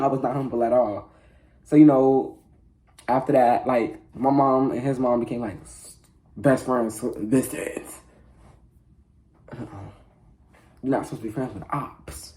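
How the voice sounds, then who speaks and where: A man's voice: medium pitch, fairly even intonation, a little slow, long pauses, warm tone. A teenage boy telling a story about himself in casual, slangy talk, laughing at his own antics. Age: teens. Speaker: vlogger.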